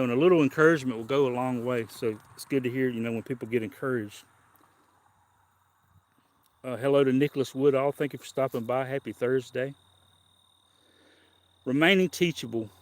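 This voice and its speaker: A man's voice: medium pitch, moderate pace, pauses often, no room sound. A man hosting a casual livestream, chatting easily, greeting viewers and reading a devotional aloud. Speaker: live stream host.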